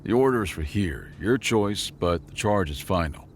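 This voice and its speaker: A man voicing a tired, sarcastic human janitor in a sci-fi story, speaking flat and deadpan. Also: extremely low pitch, measured pace, slight background noise. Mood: bored.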